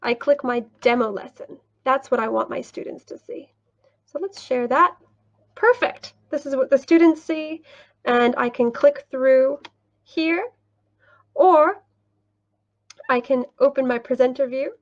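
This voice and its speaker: A young woman explains online teaching step by step in a patient, teacherly way, asking questions and answering them herself. Her voice sits a little high and carries a gravelly fry. She speaks slowly, and the recording sounds slightly dull. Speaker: English teacher and teacher trainer. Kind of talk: screen-share tutorial with a demo lesson.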